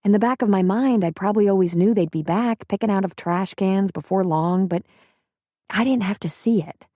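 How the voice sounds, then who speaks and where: A woman's voice: medium pitch, moderate pace, warm tone, no echo, clean studio sound, lightly acted. A woman voicing an earnest, candid young nurse from the city in an audiobook reading.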